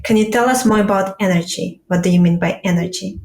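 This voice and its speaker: Echoey host asking gravelly questions. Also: mid-range voice, quick pace, darkish tone. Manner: curious, inviting questions. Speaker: podcast host. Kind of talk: interview questions. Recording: echoey room.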